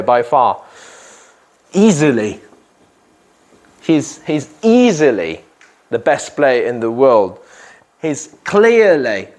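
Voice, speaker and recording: Slow-paced man teaching a grammar class. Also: a little high. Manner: repeats phrases, checks with "yeah?". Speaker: English teacher.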